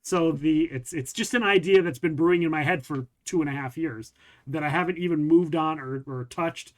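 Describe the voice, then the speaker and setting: Man, podcast host, casual chat, rambling, fairly high voice. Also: moderate pace. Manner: rambling, self-deprecating, jokey.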